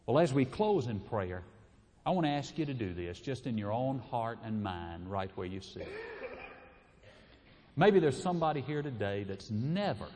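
Folksy preacher in a hall. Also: male voice, mid-range voice, lively intonation, moderate pace, warm tone, slight background noise. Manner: folksy, chuckling, homespun. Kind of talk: folksy sermon storytelling. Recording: reverberant hall.

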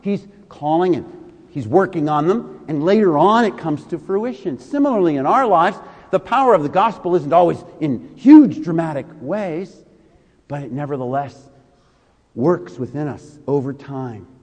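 A man's voice: fairly high pitch, expressive, normal speed, darkish tone, in a large hall. A male pastor preaching a sermon, leaning hard on key words and drawing them out for emphasis.

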